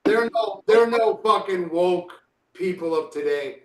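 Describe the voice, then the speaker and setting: A man's voice: high voice, lively intonation, a little slow. A man of sixty co-hosting a casual podcast, blunt and emphatic. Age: 60s. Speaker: podcast co-host. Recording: echoey room.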